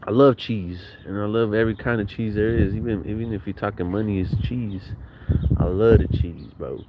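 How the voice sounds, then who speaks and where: A man's voice: on the low side, normal speed, mellow. A young man from Southern California telling profane, slang-heavy stories from his childhood in a casual way. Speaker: vlogger. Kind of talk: casual storytelling. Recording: noisy recording.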